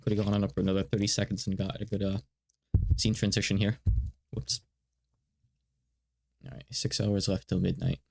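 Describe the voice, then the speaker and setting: A man's voice: fairly low pitch, level tone, normal speed, creaky, long pauses. A man streaming a game, chatting in a casual, rambling way that slightly stutters. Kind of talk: casual let's-play commentary.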